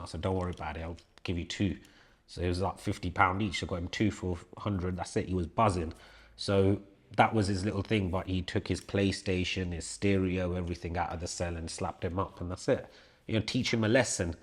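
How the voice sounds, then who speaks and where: A man's voice: low voice, husky. A man, co-hosting a podcast and telling stories in a casual, blunt way, swearing freely and hammering his points with repetition. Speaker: podcast co-host. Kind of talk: casual storytelling chat.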